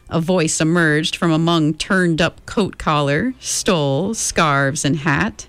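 A woman narrating an audiobook with expressive, steady storytelling. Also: sits low, slow pace, few pauses, no echo. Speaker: reader.

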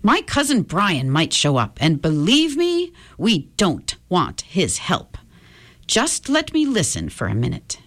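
A woman voicing a freckled magical helper, speaking calmly and reassuringly. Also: fairly low pitch, slow pace, exaggerated voice. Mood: cautioning. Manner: calm, reassuring, knowing. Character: freckled magical helper who pops in and out, calm and confident.

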